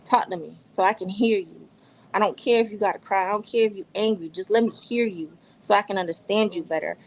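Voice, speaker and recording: A woman's voice: mid-range voice, fairly quick, a little hiss or hum, poor audio. Earnest woman podcast panelist. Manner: earnest, repeats her points for emphasis. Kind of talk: casual podcast discussion.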